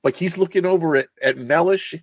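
A man's voice: a little high, fairly quick, dry recording. A man chatting casually about a film, rambling and swearing as he acts out scenes. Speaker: podcast co-host.

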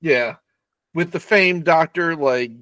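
A man co-hosting a podcast, loosely retelling a movie plot with profanity and quick silly voices. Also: fairly high pitch, fairly bright tone, no room sound. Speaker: podcast co-host recapping a film. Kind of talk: casual chat.

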